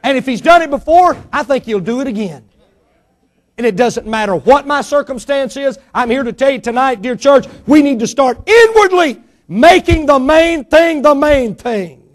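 A man with a noticeably high voice delivers a church sermon. He is middle-aged and emphatic, pressing rhetorical questions and letting his voice climb and drop for effect. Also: lively intonation, moderate pace. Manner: emphatic preacher, rising and falling dynamically, rhetorical questions. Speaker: pastor.

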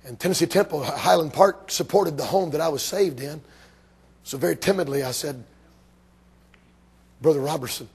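Older man, preacher, very husky, gravelly, higher voice, storytelling sermon, hushed to shouting. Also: fairly quick. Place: church before a congregation.

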